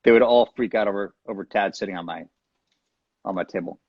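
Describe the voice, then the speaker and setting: A man chatting as a guest over a video call, playful and joking, with quick asides. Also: lowish voice, highs cut off. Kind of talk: casual chat.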